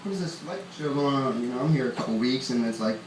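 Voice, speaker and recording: A young man from upstate New York does a stand-up set on a club stage, rambling and chuckling at his own jokes. He talks fast in a medium-pitched voice. The sound is roomy and far from the mic, with audience noise.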